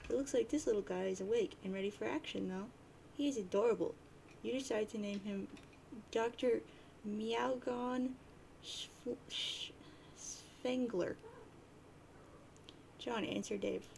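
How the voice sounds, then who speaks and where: Gravelly woman reading a webcomic aloud. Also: a little high, a little slow, pauses often, darkish tone, a little hiss or hum, low-quality recording. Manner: chatty, jokey asides. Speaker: reader of a webcomic.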